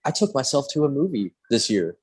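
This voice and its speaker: A man hosting a relaxed talk, a tattoo artist who speaks candidly and swears freely. His voice sits in a middle range as he acts out other people's remarks. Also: medium pitch, a little fast, husky. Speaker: podcast host, tattoo artist. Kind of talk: casual chat.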